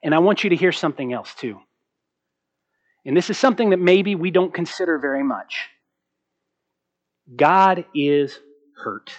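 A man preaching a sermon as pastor, slowing down to stress key words and asking rhetorical questions. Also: a little high, lively intonation, lo-fi sound. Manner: asks the congregation rhetorical questions.

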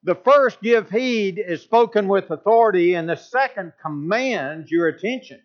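In an animated voice at a measured pace, a preacher leans hard on his key points, his pitch rising to drive them home. It comes through as a dull lo-fi recording.

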